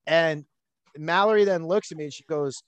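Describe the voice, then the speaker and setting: A man's voice: a little high, moderate pace, clear, resonant tone, no room sound. A man hosting a podcast, telling a personal story in an outgoing, chatty way with plenty of fillers. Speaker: podcast host. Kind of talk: casual storytelling chat.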